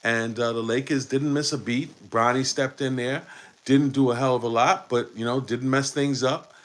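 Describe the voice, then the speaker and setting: A man's voice: medium pitch, fairly even intonation, moderate pace, a bit bright. A man hosting a live post-game basketball show, talking in a rambling way with many fillers and restarts. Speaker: podcast host.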